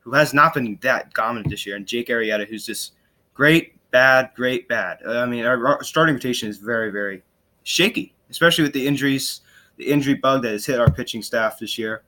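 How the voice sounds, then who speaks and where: A young man hosts a casual sports podcast, sounding animated and frustrated, tossing in sarcastic asides and plenty of fillers and restarts. His voice is medium-pitched and brisk.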